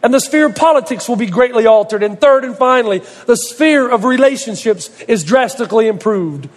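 A man with a very high voice preaches a sermon, stressing each point and stacking phrase on phrase in repeated lists. His voice rings out with a long reverb, as though he stands in a large hall. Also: animated, fairly quick. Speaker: pastor.

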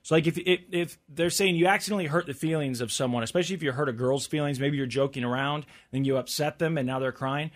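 A man's voice: a little high, quick pace, few pauses. A man hosting a casual chat, reading out survey figures and adding wry comments. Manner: reads out survey stats with wry asides. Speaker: podcast host.

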